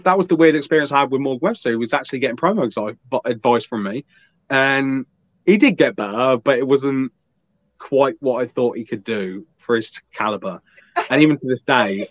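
A man's voice: mid-range voice, no echo. Guy rambling thru a sweary story, dull lo-fi sound, dry. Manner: profane, rambling anecdotes with acted quotes. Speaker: podcast guest. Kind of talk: casual storytelling.

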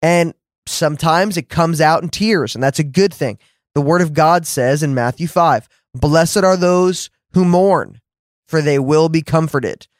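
An earnest man teaches on a faith podcast, talking to his listeners in a conversational way. His voice sits a bit high for a man, and he acts out his own past words with lively jumps. The sound is dry and close, with no room echo. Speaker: podcast host and preacher.

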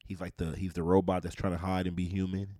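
A man with a very low voice co-hosts a casual podcast about films. He rambles, swears freely and stalls while he hunts for names. The room sounds dry and close. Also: completely flat delivery, fast, dark tone, dry recording. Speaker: podcast co-host. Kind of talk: casual movie chat.

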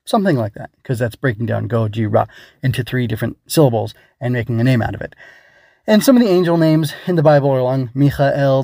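A man's voice: mid-range voice, gravelly, dark tone, no room sound. Man, casual rambling solo talk, pedantic, dry close sound. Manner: rambling, many fillers and restarts; thinking aloud, pedantic. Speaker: writer.

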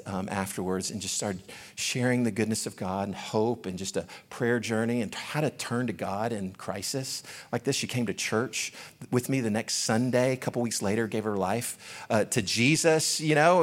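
A man preaching as a guest speaker, telling a personal story in a conversational, halting way with many fillers and restarts. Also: medium pitch. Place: church sanctuary.

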